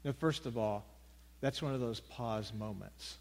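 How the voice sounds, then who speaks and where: A man preaching a sermon in a conversational way, swinging between loud emphasis and hushed quiet. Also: mid-range voice, unhurried, vocal fry. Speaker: pastor. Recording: long hall reverb.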